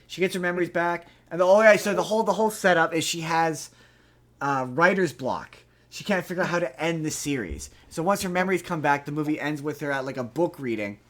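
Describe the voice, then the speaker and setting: A man's voice: a little high, a bit bright. A man co-hosting a podcast in casual chat, giving a rambling, profane recap of a movie plot. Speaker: podcast co-host.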